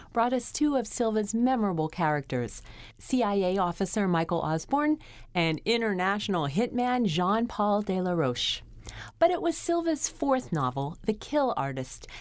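A woman host reading a scripted introduction of her guest in a clear, scripted delivery. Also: mid-range voice, a little mellow, no echo.

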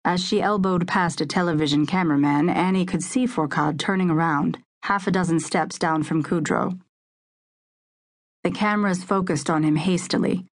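A woman narrates a crime novel in steady, measured tones. Her voice sits on the low side, carrying the tension of the scene without hurry. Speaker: audiobook narrator. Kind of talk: scripted dramatic narration.

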